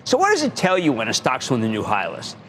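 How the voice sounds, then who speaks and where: A man's voice: medium pitch, huge pitch swings, fast, fairly bright tone, slight background noise. A middle-aged man hosting a stock market show, giving emphatic investing advice and repeating words for punch. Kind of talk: energetic investing advice monologue.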